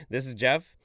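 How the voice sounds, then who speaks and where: In this livestream commentary, a man with a medium-pitched voice reads out chat messages and vents about them, swearing and exasperated. He alternates loud outbursts with muttered asides, and the audio is studio quality with no echo.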